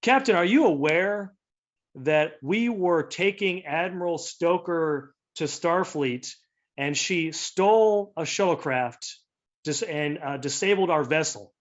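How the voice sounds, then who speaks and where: An angry male alien starship captain, as a game master acts him out, stern and demanding, his voice pitched up and pushed louder. The sound is a little dull and lo-fi. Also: measured pace, natural voice. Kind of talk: improvised tabletop role-play voicing.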